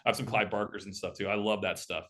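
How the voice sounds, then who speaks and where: A man's voice: fairly low pitch, fairly even intonation, fast talker, fairly bright tone. A man, a film director and camera operator, tells stories as a guest in a casual interview and acts out the voices of people he quotes.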